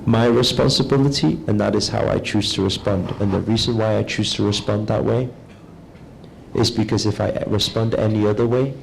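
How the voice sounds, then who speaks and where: Calm gravelly man, spiritual talk. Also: lowish voice, a little hiss or hum, poor audio. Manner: calm, measured, slow and deliberate. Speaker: spiritual teacher.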